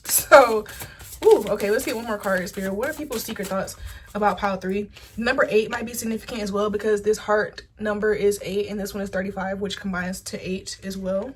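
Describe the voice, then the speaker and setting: A woman giving a casual pick-a-card tarot reading, chatty and animated, swearing freely. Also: medium pitch, slight background noise. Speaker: tarot reader.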